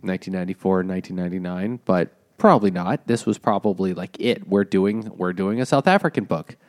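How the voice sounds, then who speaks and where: Halting man chatting about books. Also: low-pitched. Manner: halting, rambling with restarts. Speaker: book podcast co-host. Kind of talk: casual chat over beers.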